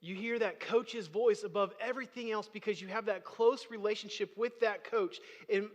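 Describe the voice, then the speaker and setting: A man's voice: high-pitched, normal speed, muffled recording. Man, pastor, sermon, conversational with emphatic peaks, long reverb from a large church hall. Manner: conversational preaching, rising to emphatic bursts. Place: church sanctuary.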